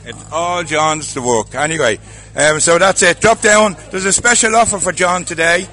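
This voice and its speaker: Bright-voiced chatty Irish man. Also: fairly high pitch, normal speed. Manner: chatty, jokey, laughs often. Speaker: roving host at a festival. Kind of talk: casual walkabout interviews.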